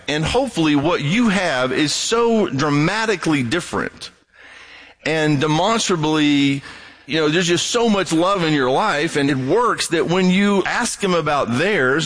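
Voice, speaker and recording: A middle-aged man delivers a sermon with a fairly high voice. He talks in a casual, conversational way and slips into other voices whenever he quotes someone. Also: fairly bright tone. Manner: conversational, acts out quoted voices in a raised pitch. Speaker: pastor.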